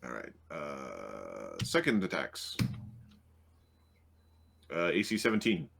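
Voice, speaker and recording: A man's voice: rumbling low, wildly swooping pitch, slow, vocal fry, fairly bright tone, a little hiss or hum. A man running a tabletop game as game master, talking through rules and rolls with frequent ums. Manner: hesitant, full of ums, working through rules aloud.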